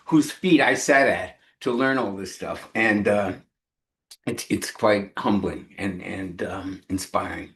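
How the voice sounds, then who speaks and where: Chatty man giving a keynote. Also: lowish voice. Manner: conversational, animated, with fillers. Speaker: keynote speaker. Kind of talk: commencement speech. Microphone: live-stream microphone.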